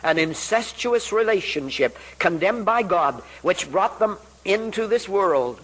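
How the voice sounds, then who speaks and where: A man delivering a sermon in a somewhat high voice. He speaks earnestly and deliberately, explaining scripture and pressing his points with rhetorical questions and repeated phrases. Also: lively intonation, a bit bright, rough recording. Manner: emphatic, with rhetorical questions and repetition; earnest, deliberate Bible exposition. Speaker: preacher.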